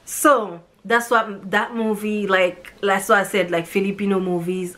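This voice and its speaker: A woman's voice: mid-range voice, flat delivery, a little slow, few pauses, fairly bright tone. A woman from Haiti, talking through a movie review in a rambling, emotional way and acting out what the characters said. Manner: rambling, emotional, acts out quoted lines. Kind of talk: casual emotional retelling.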